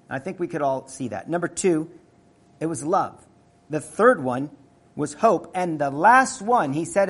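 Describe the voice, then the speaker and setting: A man preaching a sermon, earnest and emphatic, moving between loud stressed phrases and quiet asides. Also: a little high, breathy edge.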